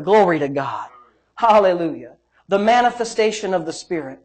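A man preaching a sermon, telling a personal story and swinging between loud exhortation and quiet, hushed storytelling. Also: fairly high pitch, animated, moderate pace.

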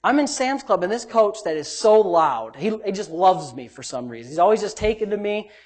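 A man preaching a sermon and telling his own story. He swings between loud, emphatic preaching and low, muttered asides, and he acts out the quoted voices. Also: sing-song, a little fast, husky. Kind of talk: sermon with personal testimony.

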